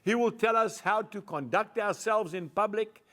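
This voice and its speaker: A man with a naturally loud voice delivers a devotional sermon and reads scripture aloud. He speaks in a fairly high register with an emphatic, folksy manner, addressing his listeners directly as folks. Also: normal speed. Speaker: preacher.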